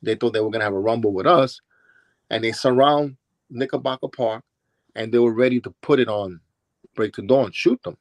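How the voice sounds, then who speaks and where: A man's voice: medium pitch, brisk, dry recording. A man with a New York accent telling rambling stories in an interview, often restarting and acting out what people said. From Brooklyn, New York. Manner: rambling, with restarts and acted-out quotes. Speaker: interviewee, former b-boy. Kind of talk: casual storytelling interview.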